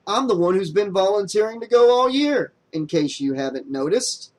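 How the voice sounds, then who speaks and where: A brash, excitable young man in an audiobook , put on by a male narrator. He talks loudly, and his voice keeps shooting up into a high register. The energy is restless and teasing. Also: moderate pace. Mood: excited, teasing. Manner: loud, high and jumpy. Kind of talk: audiobook character voice.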